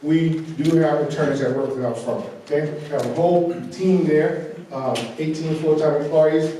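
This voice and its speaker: A fairly high, mellow-toned man with a Southern drawl lectures a room of farmers at a quick, loud clip, punctuating points with "okay?". He sounds distant from the recorder, in a strongly echoing hall with faint background noise. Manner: energetic, repeats "okay?" to check in with the audience; talks loud and fast. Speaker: workshop presenter. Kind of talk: financial training workshop lecture. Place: large meeting room. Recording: very echoey room, voice far from the recorder.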